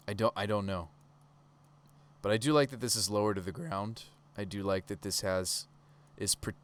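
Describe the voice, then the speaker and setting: Male streamer, fairly low voice, loose live-stream commentary, keeps quizzing his chat. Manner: casual, chatty, talks to chat with rhetorical questions.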